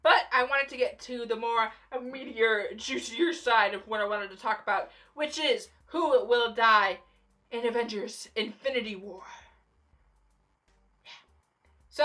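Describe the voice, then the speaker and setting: A woman's voice: a little high, bright, forceful tone. A young woman vlogging casual movie commentary, chatty and playfully sarcastic. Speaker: YouTube vlogger.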